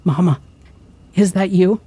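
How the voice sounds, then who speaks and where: A man's voice: high voice, unhurried, warm tone, breathy edge, voice pushed up. A man voicing a frightened young daughter whose voice cracks as she calls through a locked door in a horror story. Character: terrified young daughter hiding in a bathroom.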